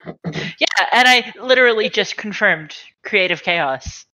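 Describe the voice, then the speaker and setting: A woman chatting casually on a video call, wry and quick to laugh. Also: medium pitch, animated, pushed and bright. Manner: wry, laughs often, talks about her anxiety. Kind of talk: casual chat between game sessions. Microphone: video call mic. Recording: dull lo-fi call audio.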